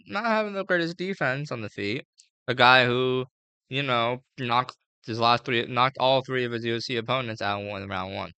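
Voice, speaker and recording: A man's voice: mid-range voice, bright, forceful tone, clean tone, dry recording. A man giving a casual, rambling fight breakdown, full of fillers and slang. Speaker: MMA fight previewer.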